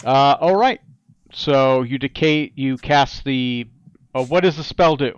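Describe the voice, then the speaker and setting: A man narrating as game master, relaxed and full of fillers and repeated words. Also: medium pitch, unhurried, smooth, muffled recording.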